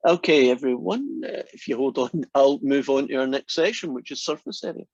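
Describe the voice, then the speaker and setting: A man's voice: mid-range voice, expressive, a little fast, creaky, a little mellow, dry recording. Man, math lecturer, corny jokes, dull dry sound. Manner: jokey, telling corny jokes to students.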